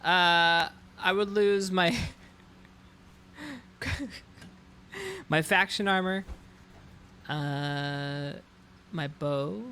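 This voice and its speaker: A man's voice: high-pitched, expressive, very slow, pauses often, bright, forceful tone, a little hiss or hum. A man streaming a roleplay game, ranting in exasperation and swearing often. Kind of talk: casual game chat.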